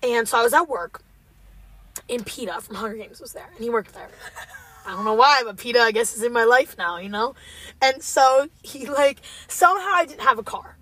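Breathy young woman, animated storyteller. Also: a little high, moderate pace. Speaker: podcast host. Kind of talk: casual chat.

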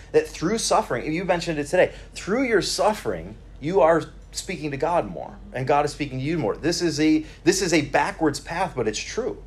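Animated conversational male preacher. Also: medium pitch. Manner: conversational, animated, acts out quoted lines; many restarts and repeated words. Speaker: preacher teaching a Bible series. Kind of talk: sermon.

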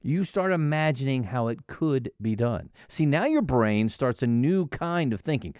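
Playful solo podcast host, man; animated pitch, dry studio sound. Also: a little slow, clean tone, no room sound. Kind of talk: casual solo podcast monologue.

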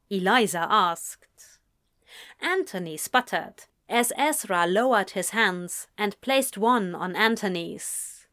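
A woman reading a story aloud as narrator, measured and unhurried. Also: mid-range voice, expressive, pushed and bright.

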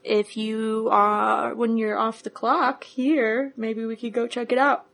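A woman playing her character in a tabletop role-playing game, talking in a casual, laid-back, drawn-out way. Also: a little high, flat delivery, vocal fry, fairly bright tone. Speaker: player.

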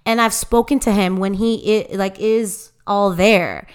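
Smooth-voiced woman telling a story. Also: medium pitch, measured pace. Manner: animated retelling with quoted voices, many fillers. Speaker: podcast co-host and DJ. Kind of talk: casual storytelling chat.

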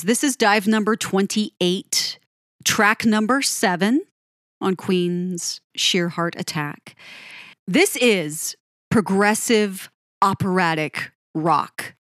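A woman hosting a music commentary, gushing about a song, animated and quick to correct herself. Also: lowish voice, dry recording, studio quality. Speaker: music podcast host. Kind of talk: enthusiastic song breakdown.

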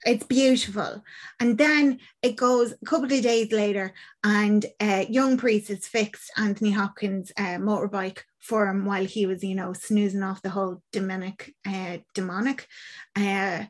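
A woman's voice: mid-range voice, fairly even intonation, normal speed. A young woman in casual podcast chat, retelling a film plot and acting out the characters' lines. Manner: chatty, acts out quoted lines, swears casually.

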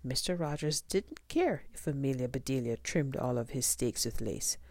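A woman reading a children's storybook aloud, gentle and expressive. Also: rumbling low, moderate pace, no echo.

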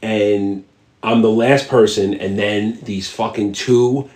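A man's voice: on the low side, fairly even intonation, slow pace, darkish tone. A man co-hosting a podcast, telling a long, profanity-laced anecdote in casual chat. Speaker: podcast co-host.

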